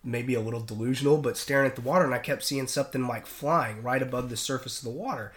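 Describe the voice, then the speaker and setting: A man's voice: mid-range voice, fast. Male sailor guest, chatty storyteller, loose and rambling delivery. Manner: rambling, many restarts and fillers. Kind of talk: casual storytelling.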